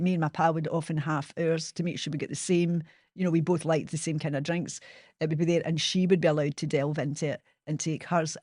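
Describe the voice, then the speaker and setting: A woman's voice: sits low, dry recording, studio quality. Frank, chatty Glaswegian woman in her sixties. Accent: Glaswegian Scottish. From Scotland. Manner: frank and chatty, swears freely, self-mocking humour. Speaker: podcast host. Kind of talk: personal storytelling monologue.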